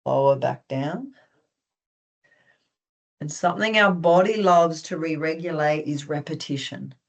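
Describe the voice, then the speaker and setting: An instructor with an Australian accent calmly guiding a group through stretches, gently instructive with light touches of humor. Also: medium pitch, measured pace, gravelly. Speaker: movement instructor. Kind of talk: guided stretching class.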